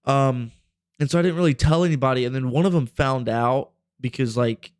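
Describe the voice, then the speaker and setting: A man's voice: medium pitch, fairly quick, clean tone, no room sound, studio quality. A man in his twenties telling a rambling, profane story on a casual podcast. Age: 20s. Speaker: podcast host.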